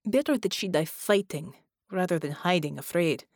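A woman's voice: lowish voice, expressive, normal speed, darkish tone, dry recording, studio quality. A woman reading the part of a hardened female soldier in an audiobook, speaking bluntly and matter-of-fact.

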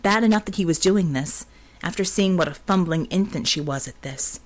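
A woman reading a novel aloud as an audiobook narrator, steady and expressive. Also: fairly low pitch, normal speed. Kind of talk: scripted narration.

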